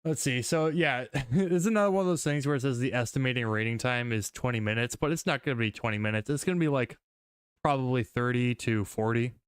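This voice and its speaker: A man streaming casually, chatting with viewers with a laugh, then reading a creepy story aloud in an even first-person voice. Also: mid-range voice, fast talker, smooth, no echo, clean studio sound. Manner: joking, laughs often, reads steadily.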